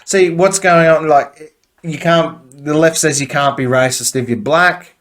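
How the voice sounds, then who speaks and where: Speaking unhurriedly in a fairly high, fairly bright voice, this Australian man hosts a casual podcast where he swears freely and gives blunt, offhand takes littered with fillers.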